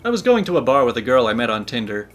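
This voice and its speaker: A man's voice: mid-range voice, very animated, fast talker, fairly bright tone. A man narrating internet stories in a casual storytelling style, dropping wry joking asides. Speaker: narrator reading Reddit stories. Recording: faint background music.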